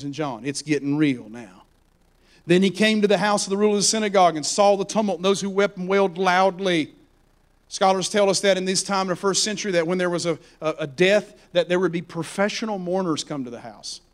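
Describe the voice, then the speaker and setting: A male preacher with a notably high voice gives a dramatic, emphatic sermon full of swings in intensity. He drops into hushed, near-whispered asides, then builds to loud, fervent exhortation.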